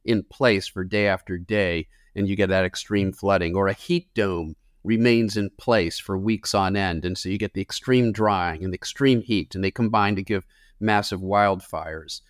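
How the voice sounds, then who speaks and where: A man's voice: low voice, normal speed, dry recording, clean studio sound. A climate scientist man answering interview questions in an earnest, explanatory way with occasional fillers.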